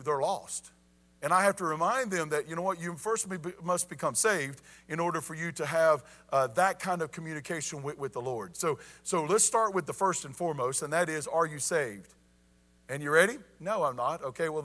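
Male preacher, bright high voice, folksy sermon delivery with lots of asides to the congregation. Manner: folksy, repeats "you ready?" and "y'all". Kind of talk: informal evening sermon.

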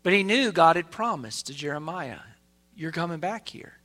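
A man preaching a sermon to his church, swinging between loud emphasis and hushed asides. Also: a little high, lively intonation, moderate pace, faint music behind. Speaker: pastor.

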